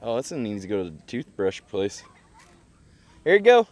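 A man's voice: lowish voice, sing-song, normal speed, darkish tone, dry recording. A man live-streaming from an outdoor petting zoo, talking nonstop with crude, joking banter into a handheld mic. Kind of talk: casual live-stream commentary.

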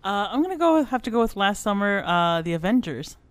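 Female co-host, fast talker, clear smooth voice, casual chat. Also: mid-range voice, sing-song. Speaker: podcast co-host.

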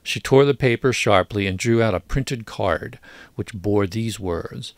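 A man narrating an audiobook of a classic short story in a measured, deliberate way. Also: on the low side, no echo. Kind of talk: scripted narration.

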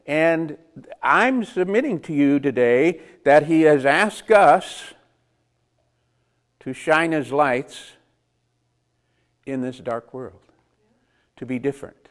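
A man's voice: a little high, animated, slow pace, long pauses. A man preaching a conversational sermon, asking the congregation rhetorical questions and chuckling between points. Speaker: pastor.

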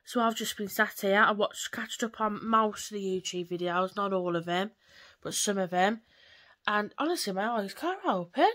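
A woman's voice: medium pitch, lively intonation, normal speed, fairly bright tone. A woman, chatting casually and rambling on in a home vlog from her living room. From England. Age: 20s. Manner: chatty, rambling, swears lightly. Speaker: vlogger.

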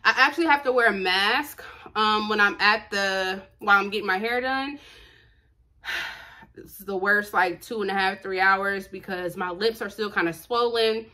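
A young woman telling a dramatic storytime on her book vlog, chatty and expressive, calling her viewers y'all. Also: mid-range voice, normal speed. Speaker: book vlogger.

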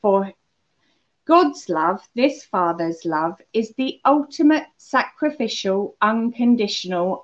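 A woman leading a children's holiday club, telling a story and talking gently to the kids. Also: medium pitch, animated, slow pace. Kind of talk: children's talk on a Bible lesson. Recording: muffled lo-fi church recording.

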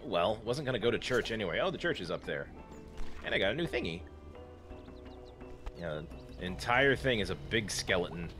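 A man's voice: on the low side, big pitch swings, normal speed, over music. A man hosting a let's play, commenting with sarcastic jokes as he plays. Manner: joking, sarcastic. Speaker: gaming channel host.

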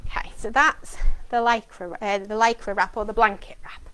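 A middle-aged woman occupational therapist giving a practical demonstration, projecting her voice clearly as she explains each step to parents in a calm, matter-of-fact way. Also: mid-range voice, moderate pace, rough recording. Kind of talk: instructional demonstration.

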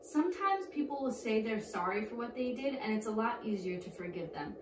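A woman's voice: fairly high pitch, animated, brisk. A woman teaching a children's church lesson, upbeat and speaking simply to kids. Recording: echoey room, distant mic, background noise.

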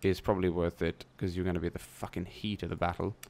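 A young man with a very low voice talks through his turns in a strategy game, chatty and loose. He thinks aloud as he plays, with the odd swear word. He speaks close to a desk mic. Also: level tone, fast, a little mellow, a little hiss or hum. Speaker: gameplay commentator. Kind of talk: casual let's-play commentary.

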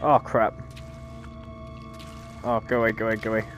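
A man's voice: lowish voice, flat delivery, moderate pace, a bit bright, faint music behind. A man giving casual, jokey let's-play commentary on a horror game, easily startled and chatty. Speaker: gaming YouTuber.

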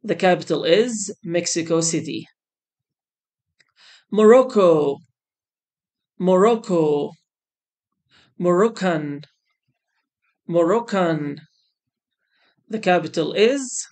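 A woman teaching a beginner English lesson, saying each word twice, slowly and clearly. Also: fairly low pitch, a little mellow. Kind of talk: slow beginner English lesson, repeating words.

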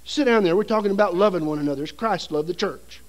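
A middle-aged man with a high voice and quick pace preaches at a seminary seminar. Facing the audience in the hall, he tells a story with humor and brings it to life by mimicking voices and sounds.

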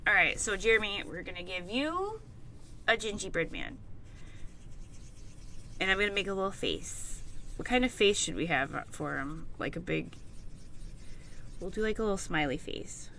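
A woman's voice: mid-range voice, sing-song, moderate pace, creaky, pauses often, bright, forceful tone, a little hiss or hum. A young woman streaming live, chatting casually and greeting viewers, breaking into frequent laughter. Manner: giggly, laughs often and reads chat names aloud.

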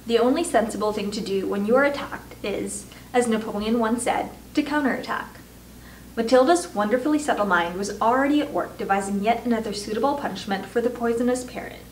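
Woman reader, children's book read-aloud, measured; roomy, distant mic, faint hiss. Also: on the high side. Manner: measured, slows for emphasis. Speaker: volunteer reader.

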